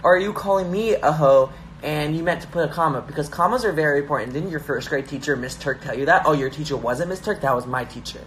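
A man's voice: on the high side, quick pace, fairly bright tone, a little hiss or hum. A young man hosting a live stream from his phone, hyper and joking as he reads viewer comments aloud. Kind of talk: casual live-stream chat.

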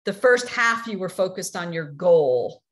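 Woman doing a wise old grandfather, patient, calm, questioning, teaching. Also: fairly low pitch, unhurried.

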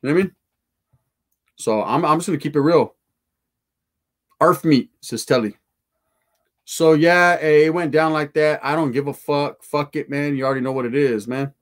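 Man spinning a raw, cussing street tale for viewers, pitched a touch high. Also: moderate pace. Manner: profane, slangy, animated street storytelling. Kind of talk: casual storytelling to a live chat.

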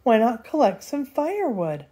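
A woman doing a sweet high-voiced princess. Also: very animated, moderate pace, mellow, slightly rough. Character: sweet kind young woman, cheerful and gentle.

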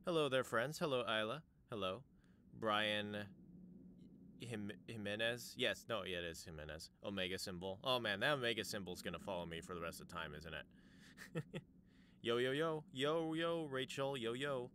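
A man's voice: on the low side, moderate pace, slight background noise. A man streaming a game live, chatting playfully with viewers and laughing often. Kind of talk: casual live-stream chat while playing. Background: loud game music.

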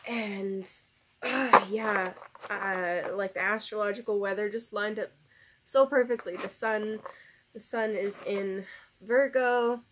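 A woman's voice: medium pitch, slow pace, noisy background. A woman tarot reader in a casual vlog, emotional and teary, sighing and laughing as she rambles gratefully. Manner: soft, rambling, many fillers. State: tearful.

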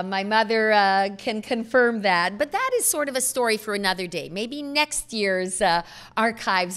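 A middle-aged woman speaking at a podium in a measured, earnest way. She leans on key phrases and lets pauses land. Her voice sits at an ordinary pitch for a woman. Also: a bit bright. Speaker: speaker at a foundation event. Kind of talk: prepared speech.

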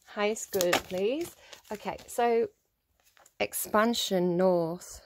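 A woman's voice: medium pitch, takes it slowly, noisy background. A woman giving a casual solo tarot reading, thinking aloud with many fillers and restarts. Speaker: tarot reader.

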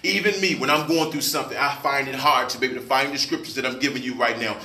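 A man's voice: mid-range voice, fast talker, pushed and bright, slight background noise. A man, a pastor, preaching a sermon, asking his congregation questions in call-and-response style. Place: church. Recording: echoey room, mic at a distance.

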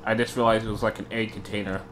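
A man's voice: fairly low pitch, flat delivery, quick pace, a bit bright. A young man chatting casually while playing a video game, joking and easily startled. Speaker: gamer. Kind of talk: casual gameplay chat. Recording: faint background noise.

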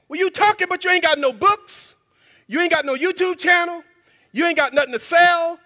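A man preaching a sermon in a church, emphatic and colloquial, sometimes breaking into shouts. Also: very high-pitched, normal speed. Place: church sanctuary. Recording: long hall reverb.

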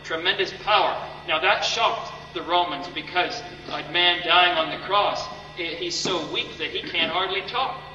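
A man's voice: sits high, measured pace, hardly any pauses, bright, forceful tone, faint music behind. Fervent preacher man in an echoey hall. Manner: fervent, dramatic, repeats phrases for emphasis. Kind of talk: sermon. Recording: echoey hall, mic far off, dull sound with faint hum.

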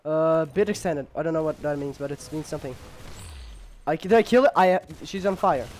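A young man casually commenting on his gameplay, rambling with lots of fillers and jokes, and sometimes yelling when excited. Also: on the high side, brisk. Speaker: gamer.

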